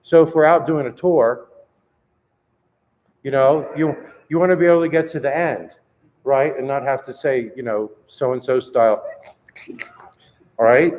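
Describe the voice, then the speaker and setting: A man leading a choir rehearsal, counting in and coaching singers with brisk encouragement. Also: mid-range voice, darkish tone, highs cut off. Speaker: choir director. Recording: reverberant hall with music playing.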